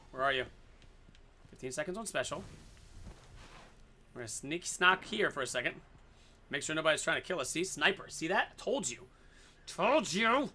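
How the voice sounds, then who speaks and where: A man giving goofy, excitable commentary over his own gameplay, swearing in silly made-up phrases. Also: on the high side.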